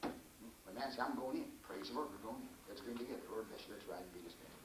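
An older man, a pastor, preaching a sermon that shifts from emphatic, raised passages into a quiet, earnest closing prayer. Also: lowish voice, fast talker, distant mic. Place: church. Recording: echoey church recording with faint hiss.

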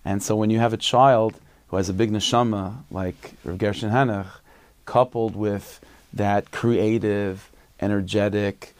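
A man's voice: fairly low pitch, fairly even intonation, measured pace, no echo. A man, a rabbi, telling a story in a casual, conversational way with lots of fillers. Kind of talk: storytelling talk.

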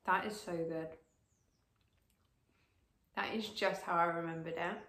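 A woman's voice: lowish voice, a little slow. Gushing young woman in a roomy room. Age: late teens. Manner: gushing and excitable, many fillers. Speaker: vlogger. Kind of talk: casual to-camera vlog while eating. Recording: roomy echo.

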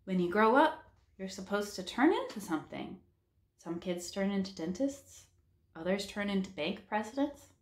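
A woman reading aloud and voicing an easygoing, blunt male hobo in a flat, matter-of-fact way. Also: medium pitch, moderate pace, close to an everyday voice. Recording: roomy echo.

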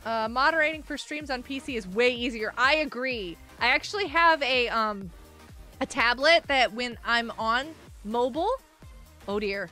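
A woman's voice: fairly high pitch, normal speed, bright, forceful tone, soft background music. A woman streamer chatting casually while playing a game live, giggly and greeting her viewers.

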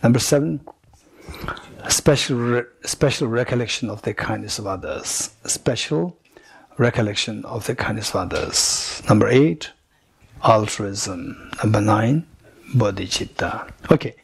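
Buddhist teacher, male, gravelly husky voice, slow deliberate repetition of each teaching point. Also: fairly low pitch. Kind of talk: retreat teaching, paused for interpretation. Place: retreat center teaching room.

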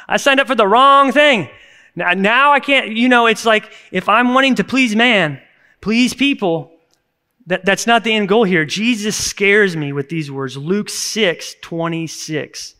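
A man in his thirties preaches a church sermon with a fairly high voice. He talks in an earnest, conversational way, and now and then breaks into sudden emphatic bursts. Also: slow pace, bright, forceful tone. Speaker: pastor. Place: church service recording.

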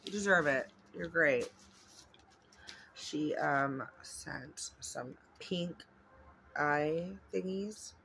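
A woman talks through an unboxing at home in a loose, rambling way, gushing and full of fillers. Her voice has a gravelly, creaky edge. There is a faint hiss of noise behind her. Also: deep voice, drawn-out words, pauses often, a bit bright. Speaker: vlogger. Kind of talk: casual unboxing chat.

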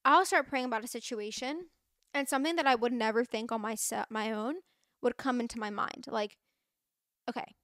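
A woman's voice: a little high, fairly bright tone, no echo, clean studio sound. A young woman hosting a podcast, talking casually and earnestly about faith, with lots of fillers and restarts. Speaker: podcast host. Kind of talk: casual faith talk to listeners.

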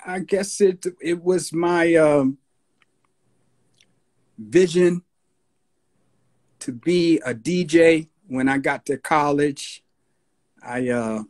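A man in his sixties with a New York accent, a guest recalling his past in a relaxed storytelling interview. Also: a little high. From United States. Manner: slow, unhurried storyteller with husky tone, breaks into voices of radio DJs.

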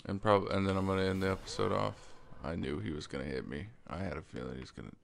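A let's-play gamer with a low, fast voice and vocal fry casually comments over his own game, with slight background noise. He rambles with lots of fillers and restarts, stutters now and then while explaining, and swears when something surprises him.

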